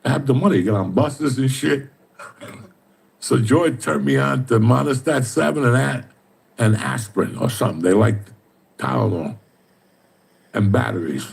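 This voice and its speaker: A man's voice: medium pitch, vocal fry, a little mellow, husky. A middle-aged man, telling profane, streetwise stories in casual chat. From New Jersey. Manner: streetwise, swears constantly, tells stories with mimicked dialogue.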